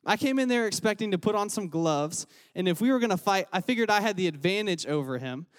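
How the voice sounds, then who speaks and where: A man's voice: sits high, expressive, fast. A young man giving a casual, story-filled sermon as a youth pastor. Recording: long hall reverb.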